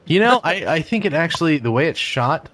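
A man's voice: fairly high pitch, sing-song, a little fast, a bit bright, slight background noise. A man co-hosting a casual chat, talking enthusiastically in long rambling runs with plenty of swearing.

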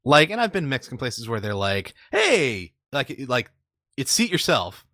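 Bright, dry-sounding man chatting. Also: mid-range voice, wildly swooping pitch, normal speed, dry recording. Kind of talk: casual chat.

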